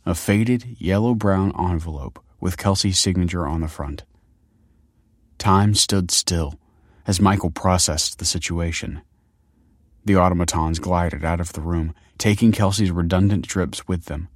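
Male narrator, very deep voice, measured audiobook reading, dry close sound. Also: no room sound. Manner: measured, steady storytelling.

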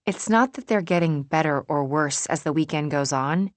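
A woman narrating a first-person novel in a measured, wry way. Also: low-pitched, no echo. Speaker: audiobook narrator.

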